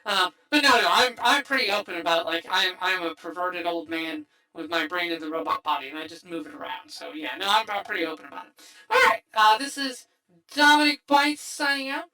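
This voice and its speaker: A man's voice: sits high, brisk, sharp tone, rough recording. A man hosting a livestream through a voice changer, rambling casually with lots of fillers and restarts. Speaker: streamer host. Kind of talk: casual stream wrap-up chat.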